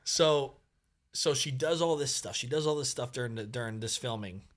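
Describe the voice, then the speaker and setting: A man at a mid pitch tells a long family story on a podcast. He keeps it casual and animated, with fillers and restarts throughout. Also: moderate pace. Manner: animated, acts out quoted dialogue, many fillers. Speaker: podcast guest.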